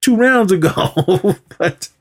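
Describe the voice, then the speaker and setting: A man co-hosting a movie podcast, retelling scenes in a casual, animated way and acting out the characters' lines with laughs. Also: high-pitched, takes it slowly. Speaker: podcast co-host.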